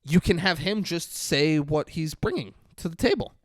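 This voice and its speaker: Profane fast-talking podcast host, man. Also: on the high side, no room sound, studio quality. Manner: profane, animated retelling with mock voices. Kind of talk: casual movie review chat.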